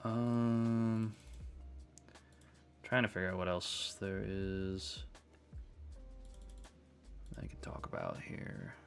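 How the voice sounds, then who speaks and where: A man's voice: sits low, steady tone, extremely slow, creaky, long pauses, faint music behind. A young man from New York, a streamer chatting live with his chat, swearing freely and ranting, then settling down.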